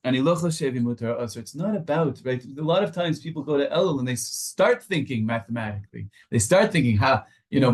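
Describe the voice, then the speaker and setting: A man's voice: a little high, darkish tone. Impassioned man teaching Torah. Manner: impassioned, shifts between Hebrew and English. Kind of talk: Torah class.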